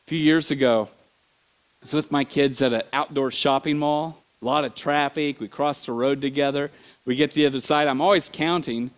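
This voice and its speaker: A middle-aged man preaching in a church, telling stories with animated bursts, sudden shouts and laughter. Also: medium pitch, normal speed, clean tone. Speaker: pastor. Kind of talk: sermon.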